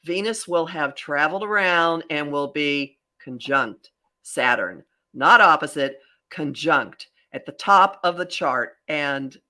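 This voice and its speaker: A woman hosting a podcast as a psychic astrologer, talking in a rambling, animated way with many restarts. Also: low-pitched, slow pace. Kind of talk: casual podcast chat.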